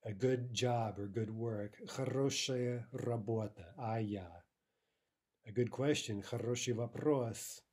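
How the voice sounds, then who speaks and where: A man teaching a recorded language lesson, explaining patiently, with fillers and restarts, and slowing down to read example words. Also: medium pitch, darkish tone, breathy edge.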